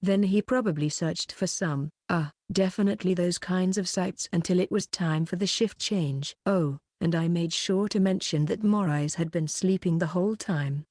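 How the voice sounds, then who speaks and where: A woman with a lowish voice narrates a light novel in a steady, even read. She keeps the dialogue plain rather than acting it out. The recording is close and dry, with no room sound. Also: moderate pace, few pauses, no room sound. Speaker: audiobook narrator. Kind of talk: scripted narration.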